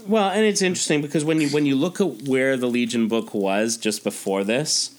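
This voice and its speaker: A man's voice: medium pitch, brisk. A man hosting a podcast, chatting casually about comics, with fillers and restarts between panel readings. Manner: reads comic dialogue aloud in voices, chatty with fillers. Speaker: podcast host. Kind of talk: casual comic book discussion.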